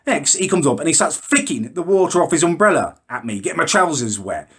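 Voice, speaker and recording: A man's voice: fairly high pitch, expressive, a little fast, fairly bright tone. A man delivering an indignant, pompous comedy rant to camera. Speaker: comedy vlogger ranting in character. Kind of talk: angry rant monologue. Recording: echoey room.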